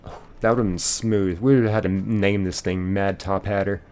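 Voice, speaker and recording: A man's voice: low-pitched, fairly even intonation, moderate pace, a little mellow. A man streaming a game live, reading chat aloud and rambling casually with lots of fillers and restarts.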